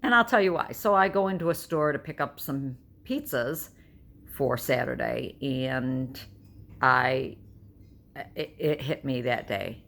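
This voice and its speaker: A woman's voice: rumbling low, unhurried, gravelly, a bit bright. A woman, telling stories in a blunt, chatty home vlog. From New York State. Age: 60s. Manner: chatty storyteller, blunt and emphatic. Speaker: vlogger. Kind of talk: casual vlog monologue.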